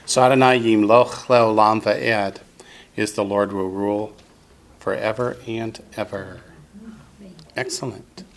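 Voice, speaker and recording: Gravelly guy teaching a class, slow, patient, a little room noise behind. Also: lowish voice, fairly even intonation. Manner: patient, drills students with call-and-response. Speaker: Biblical Hebrew teacher.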